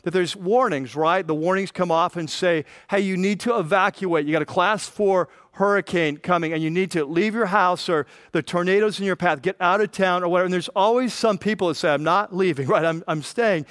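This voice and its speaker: A man preaching a sermon, reading scripture and acting out the voices in it with lively emphasis. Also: sits high, a little fast, hardly any pauses, clean tone, no room sound, studio quality. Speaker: pastor.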